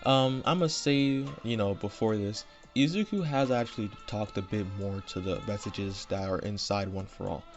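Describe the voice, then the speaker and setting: A man's voice: on the low side, normal speed, few pauses, dull audio, soft background music. A man casually retelling his own fan story unscripted, rambling with fillers and frequent "right?" asides, recorded on a home desk microphone. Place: home room.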